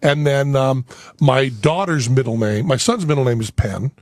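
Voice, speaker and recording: A middle-aged man, a guest on a radio talk show, telling family stories in an animated, foul-mouthed way. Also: mid-range voice, moderate pace, no echo. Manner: storytelling, animated, swears freely. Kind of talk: casual radio chat.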